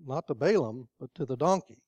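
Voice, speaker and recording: A man's voice: medium pitch, animated, a little fast, darkish tone, no echo. An older man preaching a sermon in a conversational storytelling way, asking the congregation questions.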